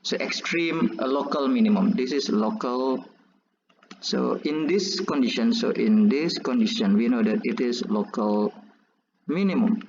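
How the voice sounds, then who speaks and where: Slow, halting male math teacher. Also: medium pitch, darkish tone, slight background noise. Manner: halting, many restarts and fillers. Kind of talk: calculus lecture while drawing graphs. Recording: echoey, dull lo-fi recording.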